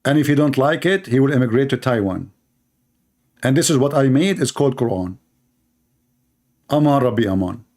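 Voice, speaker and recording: A man's voice: mid-range voice, animated, moderate pace, long pauses, a little mellow. A man giving a sarcastic, mocking religious polemic in non-native English. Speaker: religious debater. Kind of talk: polemical monologue.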